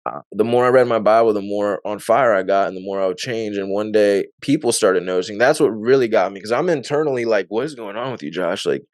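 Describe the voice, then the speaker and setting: A man's voice: fairly low pitch, fast talker, no room sound, studio quality. A man being interviewed, telling his story in a loose, rambling way with lots of fillers and frequent laughs. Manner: laughs often. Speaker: interview guest. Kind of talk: casual testimony.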